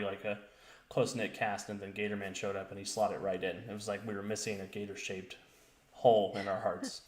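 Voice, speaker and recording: Upbeat male game master for a tabletop stream, recorded with some room echo. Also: mid-range voice. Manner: enthusiastic, laughing often. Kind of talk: tabletop role-play stream intro. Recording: roomy echo.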